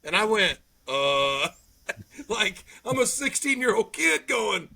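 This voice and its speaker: A man's voice: high voice, a little slow, gravelly. A middle-aged man telling stories in a casual chat, acting out what people said. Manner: animated storyteller, acts out quotes.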